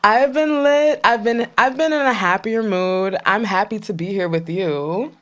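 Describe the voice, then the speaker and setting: A young woman from Trinidad co-hosting a casual podcast chat, playful and quick to laugh, with lively asides. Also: mid-range voice. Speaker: podcast co-host.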